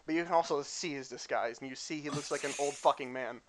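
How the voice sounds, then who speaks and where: A man's voice: mid-range voice, quick pace, noisy background. Man casually narrating as game master.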